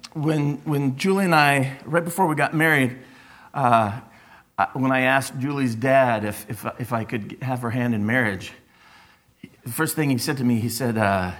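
A middle-aged man preaching a sermon as a pastor, conversational and animated, telling stories with frequent restarts. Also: high-pitched.

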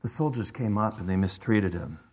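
A man's voice: lowish voice, a little fast, a little mellow, husky. A man preaching a sermon as a pastor, emphatic and often repeating words as he drives a point home. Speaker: father.

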